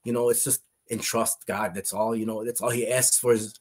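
A man's voice: on the low side, level tone, moderate pace, slightly rough. A man, a guest in an interview, telling an emotional faith testimony in an earnest, fervent way, often repeating words and restarting his sentences. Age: adult.

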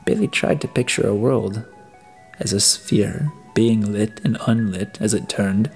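A man with a fairly low voice narrates an audiobook. His reading is deliberate, with the odd restart of a phrase. Faint music plays quietly underneath. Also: gravelly. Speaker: audiobook reader.

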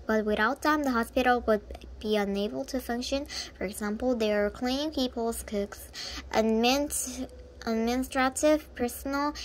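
Woman, children's book reading, halting, self-correcting, fairly high voice, faint background hum. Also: fairly bright tone. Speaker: reader.

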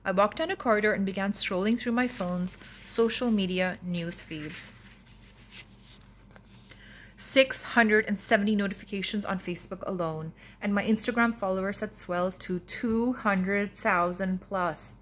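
A woman author reading her own novel in the first person, with expressive, wry narration. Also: medium pitch, slight background noise.

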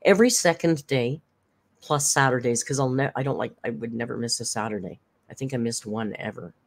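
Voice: medium pitch, fairly quick, vocal fry. A tired live-stream host chatting casually, thanking viewers and reading their messages aloud. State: tired, worn down by caregiving.

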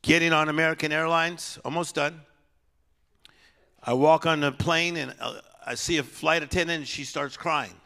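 Creaky high-voiced male preacher. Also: fairly even intonation, moderate pace. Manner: swings between loud exhortation and hushed storytelling. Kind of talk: sermon. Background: soft piano music.

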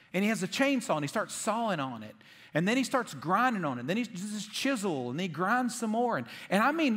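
High-voiced pastor guy, funny chatty sermon, big echoey church hall. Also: fairly bright tone. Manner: jokey, conversational storytelling. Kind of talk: humorous sermon. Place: church auditorium. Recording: long reverb of a church hall.

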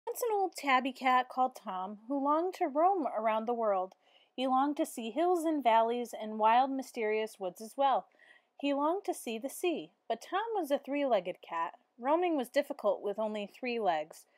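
A woman reading a children's picture book aloud in a steady, expressive way. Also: high-pitched, normal speed, dry recording, studio quality. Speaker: teacher.

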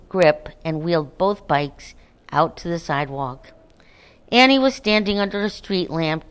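A woman reading a children's chapter book aloud in a calm, gentle, unhurried way. Her voice sits fairly low for a woman. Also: clean tone. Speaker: narrator. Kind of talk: children's storybook read-aloud.

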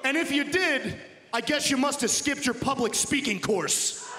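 A man's voice: extremely high pitch, expressive, moderate pace, a little hiss or hum. A man from Long Island, New York, cutting a boastful, mocking wrestling promo into a handheld mic in a large indoor arena. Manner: boastful, mocking trash talk. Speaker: pro wrestler. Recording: echoey arena hall with loud crowd.

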